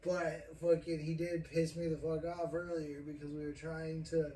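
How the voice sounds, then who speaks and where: A man's voice: fairly high pitch, little pitch movement, normal speed, warm tone. A young man hosting a casual podcast, rambling and swearing, laughing often as he tells a story. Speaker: podcast host. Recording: roomy, distant mic, faint noise.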